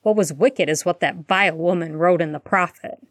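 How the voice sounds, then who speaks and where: A woman's voice: lowish voice, moderate pace, no room sound, clean studio sound. A woman reading aloud, voicing a young girl who snaps sharply. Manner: snappish, reassuring. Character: sharp-tongued young girl, quick to snap.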